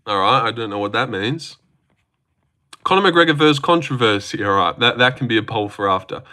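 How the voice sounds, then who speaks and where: A man's voice: mid-range voice, lively intonation, fairly quick, pushed and bright. A man hosting a casual livestream, reading and joking about chat messages. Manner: joking, chatty, reacts to chat messages aloud.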